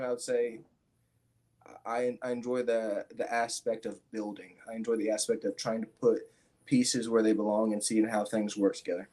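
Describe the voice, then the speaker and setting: A man's voice: mid-range voice, a little mellow. Young male fighter, interview guest, casual storyteller with frequent fillers. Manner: rambling, many fillers and restarts.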